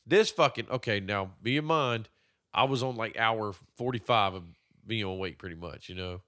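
A man's voice: on the low side, moderate pace, fairly bright tone. A man co-hosting a podcast, telling stories in a profane, laid-back way and laughing often. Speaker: podcast co-host. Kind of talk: casual chat.

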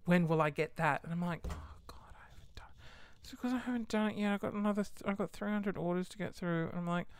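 A woman's voice: fairly low pitch, fast, hardly any pauses, clear, resonant tone. A young woman who runs a small online shop, chatting casually to camera in a chatty, exasperated way and often laughing mid-sentence.

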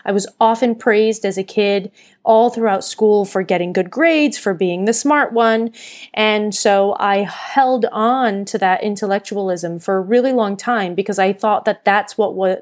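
A woman hosting her own podcast with an earnest, encouraging delivery and a middle-pitched voice. She talks straight to her listeners and now and then stops to correct herself mid-thought. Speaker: podcast host and burnout coach. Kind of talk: casual solo podcast talk.

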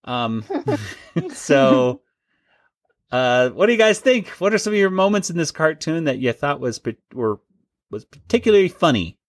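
A man's voice: a little high, big pitch swings, unhurried, no room sound, clean studio sound. A man hosting a casual podcast chat, talking loosely and laughing often. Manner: chatty, laughs often, restarts. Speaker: podcast host.

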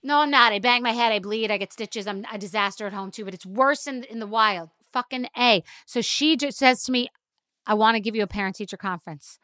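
A woman's voice: a little high, brisk, hardly any pauses, bright, forceful tone, dry recording, studio quality. A middle-aged woman host telling a rambling, self-deprecating story with swearing, in casual rant style. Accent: New York. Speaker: podcast host.

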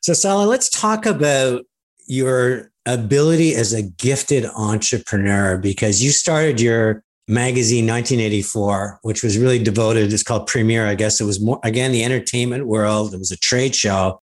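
A man's voice: medium pitch, normal speed. A man hosting a radio interview, asking conversational, admiring questions. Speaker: radio show host.

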